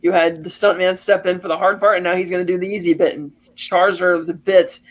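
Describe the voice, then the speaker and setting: A man's voice: sits high, level tone, a little fast, lo-fi sound. A man co-hosting a podcast, animatedly retelling film scenes step by step and acting out the lines. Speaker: podcast co-host. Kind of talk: casual film discussion.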